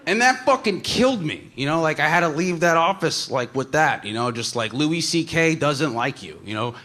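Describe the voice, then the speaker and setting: A man's voice: fairly high pitch, animated, normal speed, a bit bright. A man telling a comic story in a casual, rambling way, full of "like" and "you know.".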